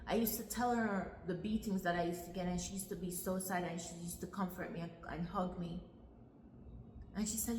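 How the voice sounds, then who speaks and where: A woman, telling her own story in an earnest way, circling back over her words and pausing often. Her voice sits at an ordinary pitch. The room rings with long, echoing reverb, and a faint hiss runs under her speech. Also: fairly even intonation, a little mellow. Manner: earnest, repeats phrases, long pauses. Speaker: storyteller recounting her childhood. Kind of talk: personal storytelling vlog.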